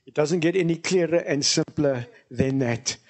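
A man preaches a sermon in a notably high voice. He speaks emphatically and drives his points home by repeating key phrases. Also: moderate pace, darkish tone.

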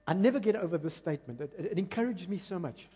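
A man preaching a passionate, emphatic sermon that swings between loud and quiet. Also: high voice, lively intonation, quick pace, husky. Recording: long reverb of a large hall.

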